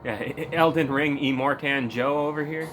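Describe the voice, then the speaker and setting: A man's voice: a little high, steady tone, moderate pace, background noise. A man casually commenting over gameplay, rambling and swearing and laughing at his own jokes. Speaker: gameplay streamer.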